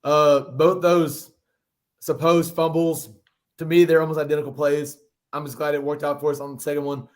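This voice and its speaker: A man's voice: fairly high pitch, little pitch movement, moderate pace. A man guesting on a sports podcast, chatting casually and rambling, often repeating words as he thinks.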